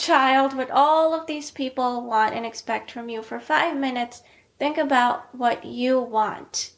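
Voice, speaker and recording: A woman in her forties talks in a relaxed podcast chat. Her voice sits a bit high, and she sounds encouraging and quick to laugh. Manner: chatty, encouraging, laughs easily. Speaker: podcast host. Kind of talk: casual chat.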